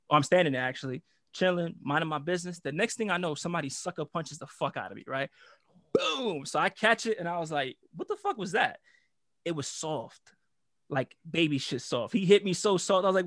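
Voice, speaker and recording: A young American man spins a rowdy story in loose, profane slang, acting out what everyone said. His voice sits a little high, and the sound is dry and close with no room around it. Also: fast, dry recording. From United States. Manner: animated, profane street slang, acts out quotes. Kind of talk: casual storytelling chat.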